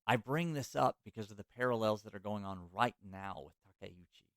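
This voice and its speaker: Podcast host, male, low smooth voice, casual storyteller, loose with "like" and restarts, dry close mic. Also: a little fast, a bit bright, no room sound. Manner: loose, filler-heavy, self-correcting.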